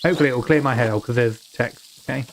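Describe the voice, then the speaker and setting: A man's voice: medium pitch, quick pace, a little hiss or hum. A British man streaming a game, reading the text aloud and joking at his own expense. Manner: self-mocking, reads game text aloud, laughs often. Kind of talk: casual live-stream commentary.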